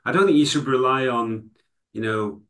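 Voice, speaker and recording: A man's voice: mid-range voice, moderate pace, a bit bright. A man from England, a guest in an interview, explaining his ideas in a thoughtful, conversational way with frequent "you know" fillers. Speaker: guest, psychology lecturer and author.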